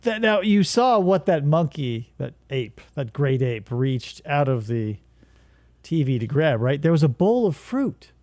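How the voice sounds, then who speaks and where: A man's voice: on the high side, big pitch swings, a little slow, dark tone, dry recording. A man from Arizona co-hosting a casual talk show, rambling through crude, jokey commentary on old commercials. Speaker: podcast co-host reacting to old commercials. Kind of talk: casual chat.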